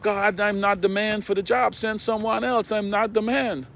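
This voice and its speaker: A man's voice: high-pitched, level tone, moderate pace, vocal fry, fairly bright tone, pitched above the performer's own voice. A man voicing a reluctant biblical man who pleads and stammers, unwilling to take on a task. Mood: pleading.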